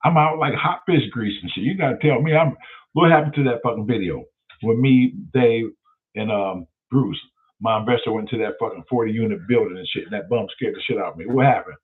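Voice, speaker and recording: A man hosting his own show, telling stories in a profane, animated way. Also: lowish voice, a little fast. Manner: profane, animated, loud storyteller. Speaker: show host. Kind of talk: casual livestream storytelling. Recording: tinny phone-like sound.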